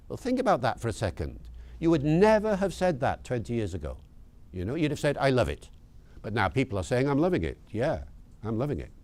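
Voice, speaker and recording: Older man, posh British accent, lively pitch, explaining like a lecturer. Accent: posh British English. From Wales. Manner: lively lecturing, shifts into other accents to demonstrate. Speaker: linguist being interviewed. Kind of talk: explanatory interview talk.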